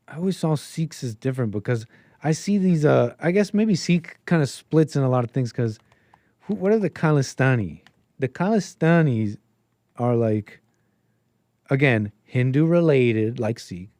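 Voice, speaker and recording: A man's voice: on the high side, a little mellow, no room sound, clean studio sound. A young man hosting a casual live stream, riffing sarcastically over a clip with frequent laughing asides. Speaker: streamer host.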